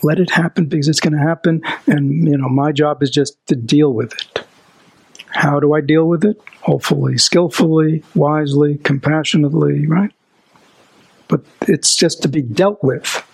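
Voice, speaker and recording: Raspy guy teaching buddhist stuff, keeps asking the crowd questions, whispers sometimes, dry sound. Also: a little high, normal speed, dry recording, low-quality recording. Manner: animated, asks the audience rhetorical questions. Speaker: dharma teacher. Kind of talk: Buddhist dharma talk.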